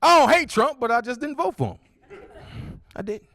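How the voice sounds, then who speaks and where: A man in his forties doing a stand-up comedy set on a club stage into a handheld mic, with loud, high-pitched impressions of his friends. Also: lively intonation, normal speed, no room sound, studio quality. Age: 40s.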